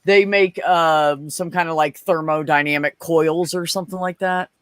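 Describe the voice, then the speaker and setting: A man's voice: a little high, normal speed, clean tone, no echo. A man co-hosting a podcast, telling a story in casual chat, swearing a lot and acting out quoted voices. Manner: animated, profane, acts out quoted voices.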